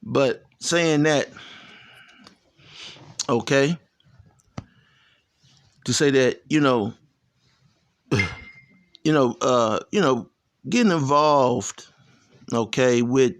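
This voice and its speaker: A man's voice: medium pitch, extremely slow, long pauses. A man telling a long, rambling, profane story in casual talk, full of fillers and "you know," laughing as he goes. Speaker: channel host.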